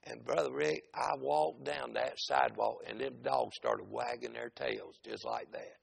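A man's voice: mid-range voice, huge pitch swings, a little slow, vocal fry, breathy edge. A man from North Carolina, preaching a rambling storytelling sermon in a church, dotted with "amen" and "uh". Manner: rambling, repetitive, frequent "amen" and "uh". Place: church auditorium.

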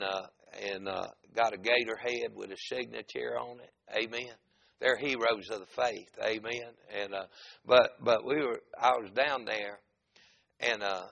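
Gravelly preacher telling a story. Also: male voice, mid-range voice, fairly bright tone, slight background noise. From North Carolina. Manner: rambling, repetitive, frequent "amen" and "uh". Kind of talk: storytelling sermon. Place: church auditorium.

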